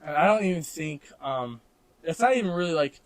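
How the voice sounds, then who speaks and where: Recorded with no room sound, a young adult podcast co-host from Missouri in the Midwest speaks in a fairly high, animated voice, a little on the fast side. He rambles casually, filling his talk with "like," restarts, and frequent laughter.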